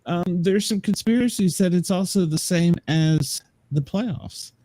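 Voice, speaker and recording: A man co-hosting a casual sports podcast with a wry manner, tossing in quick jokes. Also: high-pitched, dark tone, no room sound, rough recording. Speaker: podcast co-host.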